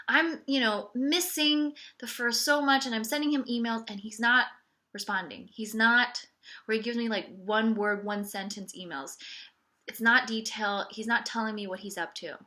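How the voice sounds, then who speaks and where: A woman recounts her own story in a relaxed, confessional style, wry and sarcastic about what happened to her. Her voice sits a bit high and sounds bright and sharp. She keeps dropping in casual fillers and ironic reassurances. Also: normal speed. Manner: candid, wry and sarcastic, repeating 'it's okay' ironically; conversational with frequent 'like' and 'you know'. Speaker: podcast host telling her own story.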